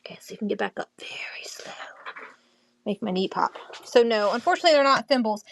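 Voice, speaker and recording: A woman hosting a casual live-selling stream, chatty and quick to laugh while she talks about items. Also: fairly high pitch, lively intonation. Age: adult, mother of a teen. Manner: giggly, chatty, laughs often.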